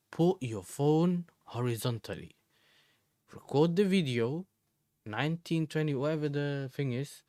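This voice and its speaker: A man's voice: mid-range voice, a little mellow, dry recording, clean studio sound. A young man from the Netherlands, chatting casually and rambling in slang as a football live-streamer.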